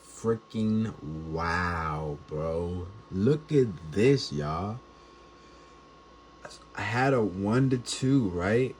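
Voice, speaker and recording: A man's voice: on the low side, animated, extremely slow, pauses often, darkish tone, slight background noise. A man casually talking through his trades in a hype, slang-heavy way, explaining risk and reward step by step. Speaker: forex trading vlogger. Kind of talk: casual screen-recorded trading vlog.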